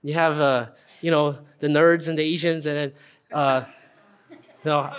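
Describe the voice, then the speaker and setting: A young man preaching a casual, earnest sermon, often checking in with listeners with a quick "right?". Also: fairly high pitch, steady tone. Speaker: pastor. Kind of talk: conversational sermon.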